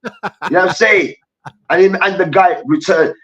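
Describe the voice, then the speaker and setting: A man hosting a heated sports debate, loud and full of swearing, acting out players and coaches as he rants. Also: sits high, normal speed. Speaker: host. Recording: distant, dull lo-fi mic.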